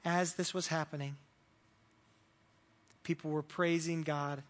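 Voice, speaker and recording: A man's voice: on the high side, level tone, takes it slowly. A man preaching a sermon as pastor, earnest and repeating words as he builds his points.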